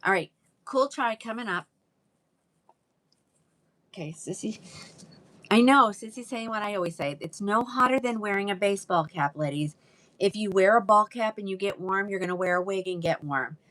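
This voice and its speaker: A woman's voice: medium pitch, normal speed, pauses often, fairly bright tone. A woman hosting a live wig sale, chatting casually and greeting viewers by name. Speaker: live-selling wig seller. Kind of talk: casual livestream sales chat.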